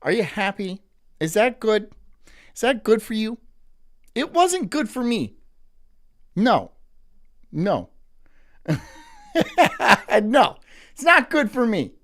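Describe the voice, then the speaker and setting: A man's voice: sits high, huge pitch swings, slow, pauses often, fairly bright tone. A man hosting a live stream, reading out viewer messages, stumbling, restarting and cursing in exasperated banter. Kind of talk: casual live-stream chat.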